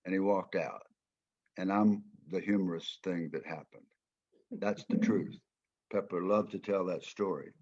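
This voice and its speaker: A man's voice: sits low, steady tone, unhurried, a little mellow, lo-fi sound. An older man with a Southern American accent, from Georgia, telling stories in a folksy, emphatic way as a guest speaker. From Georgia, United States. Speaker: former football player and coach, guest speaker. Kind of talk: storytelling talk.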